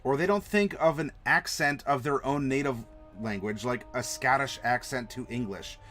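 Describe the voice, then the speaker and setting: A man hosting a live map-design stream, chatting to viewers in an animated, playful way. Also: medium pitch, moderate pace, faint music behind. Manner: animated, playful, talks to chat. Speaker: host.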